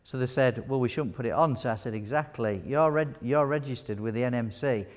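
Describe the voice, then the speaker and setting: A man's voice: medium pitch, a little fast. A man giving a live wound care teaching talk, chatty and jokey, quizzing his audience. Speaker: wound care nurse presenter. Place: large hall with audience. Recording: long hall reverb.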